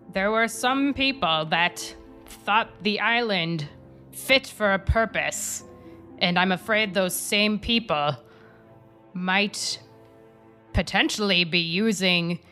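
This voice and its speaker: Slow-talking bright-voiced woman player. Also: mid-range voice. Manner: rambling, searching for words. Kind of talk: in-character tabletop role-play.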